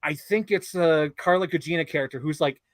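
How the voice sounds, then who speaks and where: A man co-hosting a casual film discussion podcast, animated, laughing often and acting out movie lines. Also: a little high, fairly quick, no echo. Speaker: podcast co-host.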